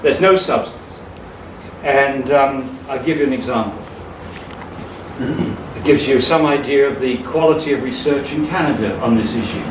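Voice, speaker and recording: A man's voice: mid-range voice, normal speed. Emphatic man lecturing in an echoey hall. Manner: emphatic, scornful, laughs at his own jokes. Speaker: speaker. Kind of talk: public lecture. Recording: echoey hall from far off, noisy.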